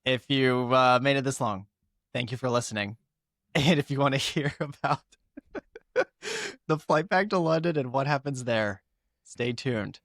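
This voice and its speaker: A man's voice: mid-range voice, measured pace, long pauses, fairly bright tone, no room sound, studio quality. A man co-hosting a podcast, upbeat and teasing in casual chat as he wraps up the episode. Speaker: podcast co-host.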